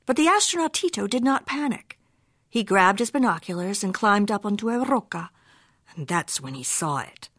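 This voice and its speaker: A woman's voice: mid-range voice, expressive, normal speed, a bit bright, no echo, studio quality. A woman reading a children's storybook aloud in a playful, rhythmic, sing-song way. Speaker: narrator.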